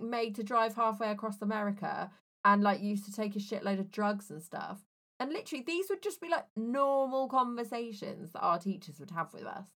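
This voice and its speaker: A young woman co-hosts a casual podcast. Her voice is bright and forceful, and she talks bluntly, swearing freely and laughing easily as she reminisces in a mid-range pitch. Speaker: podcast co-host. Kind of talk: casual chat.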